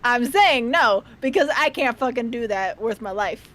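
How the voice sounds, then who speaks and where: A woman's voice: fairly high pitch, lively intonation, moderate pace, fairly bright tone. A woman chatting on a stream, teasing and swearing freely and laughing a lot. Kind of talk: casual chat.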